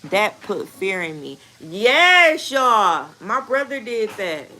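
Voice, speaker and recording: A woman in her thirties who is a mother and vlogger reads viewer comments during a casual live chat, calling her viewers y'all and laughing often. Her mid-range voice swings widely in pitch, and she speaks slowly with a bright, forceful tone.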